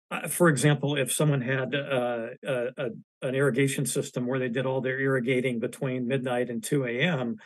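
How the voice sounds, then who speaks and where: A man with a scratchy, worn voice poses careful questions at a public board meeting, pausing often with hesitant fillers and restarting his sentences. His pitch sits at an ordinary middle level for a man. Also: no echo. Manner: halting, many fillers and restarts. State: hoarse, scratchy voice. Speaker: board member asking questions.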